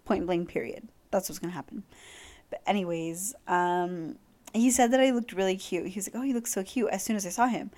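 A woman's voice: fairly low pitch, a little fast. Gushing young woman podcast host. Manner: gushing, excitable, full of "like" fillers. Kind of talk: casual chat.

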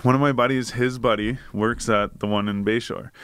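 A man's voice: medium pitch, steady tone, moderate pace, a loud crowd. A young man casually telling a long, profane, rambling anecdote. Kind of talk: casual chat, storytelling.

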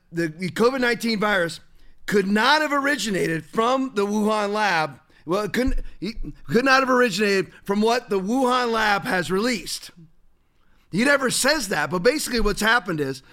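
A man's voice: sits high, sharp tone. A man hosting a commentary show, delivering a heated, rambling monologue full of restarts and stumbles. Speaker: pastor and show host.

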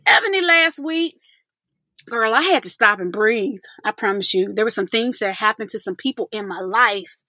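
A woman's voice: fairly high pitch, expressive, moderate pace, sharp tone, no room sound. A woman hosting a podcast, talking effusively, laughing often and calling her listeners y'all. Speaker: podcast host. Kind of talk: casual podcast chat.

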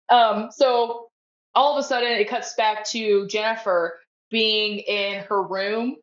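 Speaking slowly in a steady, slightly high voice, a woman guest co-host on a casual podcast swears freely and acts out film lines in put-on voices. The recording has its highs cut off.

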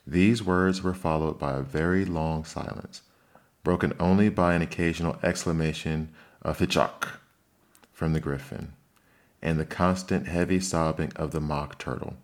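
A man with an exceptionally deep, low voice reads a classic storybook aloud. His narration is measured and steady, carrying the tale at an even storytelling pace.

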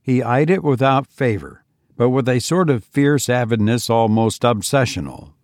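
A man narrating a first-person story in a measured, even way. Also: medium pitch, no echo, studio quality. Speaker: audiobook narrator.

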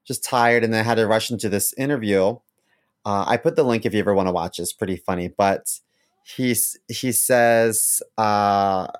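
A man's voice: medium pitch, smooth. A man co-hosting a podcast in casual chat, rambling through stories with lots of fillers. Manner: rambling, animated storyteller. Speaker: podcast co-host.

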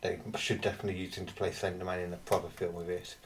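A man co-hosting a casual podcast, rambling with pauses and restarts. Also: sits low, level tone, recorded from a distance, background noise. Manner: rambling, many fillers and restarts. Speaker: podcast co-host. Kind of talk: casual chat.

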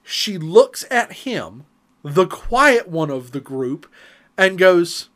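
Animated man telling a funny story. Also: high-pitched, takes it slowly. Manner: animated storyteller, acts out quotes, laughs often. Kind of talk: casual storytelling chat.

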